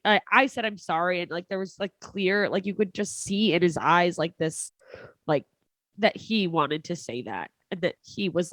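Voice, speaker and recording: Low-voiced woman telling a story. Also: no echo. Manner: halting, many fillers and restarts, laughs between lines. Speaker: comedian guest. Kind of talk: casual personal storytelling.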